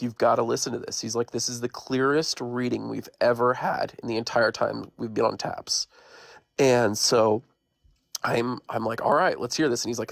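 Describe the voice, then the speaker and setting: A man's voice: mid-range voice, gravelly, no room sound, studio quality. A man, a guest on a live stream, casually retelling a ghost story in a rambling, conversational way.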